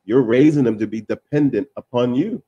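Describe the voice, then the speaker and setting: A man speaking in a casual panel discussion, his voice sitting at an ordinary middle pitch. He talks in an animated way, repeats words, trails off into "da, da, da" and chuckles between points. The sound is dry and close, with no room around it. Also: fairly quick, no echo, highs cut off. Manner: laughs while talking.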